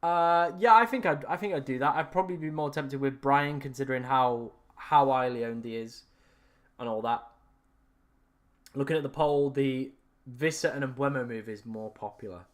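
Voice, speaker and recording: A young man with a raspy, worn-out voice, chatting to viewers on a live stream in a rambling, self-correcting way. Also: mid-range voice, moderate pace. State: strained, raspy voice after hours of talking. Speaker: fantasy football streamer. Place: room at home.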